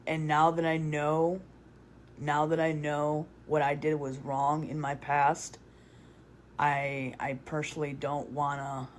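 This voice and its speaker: Woman, confessional vlogger; flat, even delivery, rambling and blunt. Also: sits low, slight background noise. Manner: rambling with many restarts and fillers; blunt, swears casually. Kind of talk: confessional storytelling.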